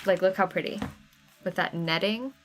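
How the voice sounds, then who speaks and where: Faint music plays behind a woman running a live craft sale, where she chats casually and responds to viewers by name, reading their comments aloud. Her voice sits on the low side and moves at a moderate pace.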